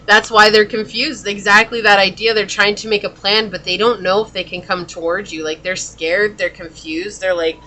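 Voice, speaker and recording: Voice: medium pitch, fairly even intonation, normal speed, few pauses, bright, forceful tone, poor audio. A tarot reader giving a pick-a-card reading in a chatty, exclamatory way, calling out to spirit guides aloud.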